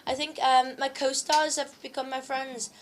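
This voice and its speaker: A young British actress, a little unwell after traveling, chats through press questions at a launch, using many fillers and laughing frequently. She speaks in a high-pitched voice with little pitch movement at a moderate pace.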